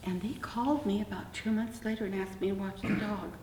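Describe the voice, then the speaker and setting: A woman's voice: medium pitch, brisk. An older woman, a guest in an oral-history interview, telling a story in a blunt, wry way with lots of quoted back-and-forth. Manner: animated anecdote with quoted dialogue, blunt and wry. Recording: roomy echo, distant mic, faint room hum.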